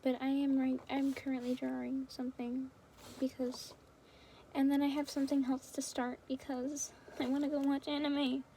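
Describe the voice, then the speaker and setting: A young woman with a somewhat high voice, chatting casually and rambling on to her viewers. She giggles often and sounds affectionate. A faint hiss sits under the recording. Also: level tone, moderate pace, mellow. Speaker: fan video creator.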